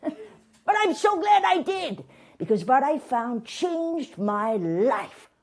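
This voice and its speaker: Lady doing a sleazy middle-aged guru guy, husky and low, giggly, swoops up and down. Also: big pitch swings, takes it slowly, darkish tone, heavily acted. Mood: giggling. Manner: smarmy, flirtatious, giggly. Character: lecherous fifty-year-old male European colon guru. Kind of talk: stage comedy sketch.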